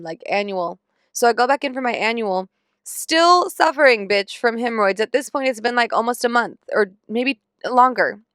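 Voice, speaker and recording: A woman's voice: a little high, a bit bright, clean tone, dry recording, studio quality. A young woman hosting a podcast, telling a story in a candid, profane, comically exasperated way. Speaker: podcast host. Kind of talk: casual chat.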